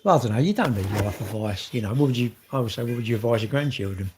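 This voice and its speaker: A man's voice: mid-range voice, animated, quick pace, background noise. A middle-aged man, rambling in casual vlog chat, swearing and joking. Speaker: vlogger.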